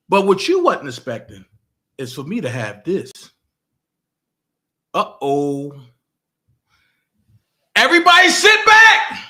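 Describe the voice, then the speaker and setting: High, animated man taunting a rival. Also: unhurried, long pauses. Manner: animated, taunting, reading legal text aloud. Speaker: political commentary host. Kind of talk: casual commentary monologue.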